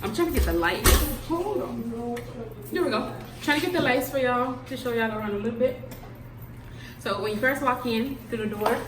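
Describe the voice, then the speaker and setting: A young woman films herself on her phone while traveling, chatting playfully to her viewers. Her voice sits a little high. A steady hiss of background noise runs under the phone recording. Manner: chatty, playful, addresses "guys" and "y'all". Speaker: vlogger. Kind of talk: casual vlog to camera. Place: airport and hotel room. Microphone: phone camera.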